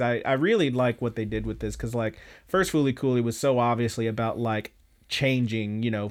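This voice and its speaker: A man on a podcast casually retelling an anime episode, loose and profane, with lots of fillers. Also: fairly low pitch. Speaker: podcast host.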